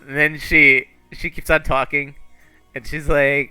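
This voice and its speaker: Game master narrating casually, bright crisp voice, bouncy delivery, faint music under it. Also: mid-range voice, flat delivery, takes it slowly, no room sound. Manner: loose, chatty narration with fillers and laughs.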